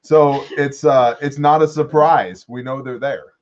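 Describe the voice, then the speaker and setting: A man's voice: medium pitch, steady tone, measured pace, muffled recording. A man hosting a casual live stream, joking loosely and laughing often. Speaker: host.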